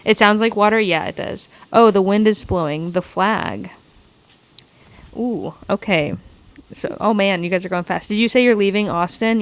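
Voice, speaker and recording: A woman chats on a casual livestream from outdoors on a windy day, speaking close into a phone microphone. She answers viewer questions in a loose, rambling way, swears freely and restarts her sentences often. Her pitch sits in the middle for a woman. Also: expressive, moderate pace, clear, resonant tone.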